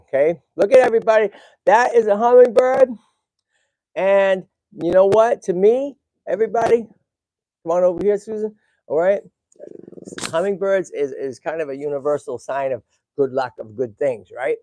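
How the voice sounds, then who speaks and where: A man's voice: a little high, normal speed, dark tone, no room sound. A middle-aged man hosting a casual live stream, speaking with emotion straight to his viewers and breaking off into frequent restarts. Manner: emotional, talks to viewers and animals, many restarts. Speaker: livestream host.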